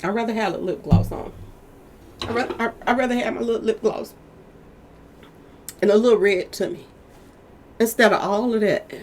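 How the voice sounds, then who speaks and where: On her own channel, a woman with a higher-pitched voice talks through celebrity gossip at a normal speed, leaving long pauses, with a little background noise. She's chatty and animated, speaking right to her audience as "y'all."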